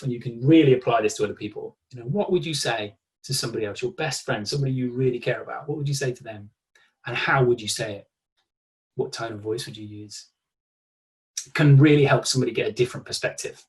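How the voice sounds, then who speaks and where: A man's voice: medium pitch, brisk, long pauses. Man leading an online workshop. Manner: conversational, uses acted self-talk examples. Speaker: workshop presenter. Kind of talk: live online workshop talk. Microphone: video call.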